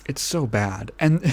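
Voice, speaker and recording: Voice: mid-range voice, a little mellow, husky. A podcast host ranting in casual commentary, exasperated and profane, often restarting and trailing off mid-phrase.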